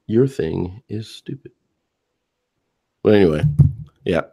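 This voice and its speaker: A man's voice: lowish voice, breathy edge. A man co-hosting a casual talk show, laid-back and laughing often. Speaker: podcast co-host. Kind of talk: casual chat.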